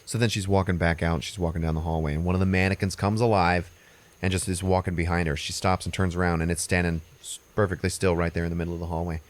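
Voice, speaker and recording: A man with a very low, deep voice hosts a podcast and walks through a movie's plot. His delivery is loose and rambling, casual, with the odd curse thrown in. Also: flat delivery, quick pace. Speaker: podcast host.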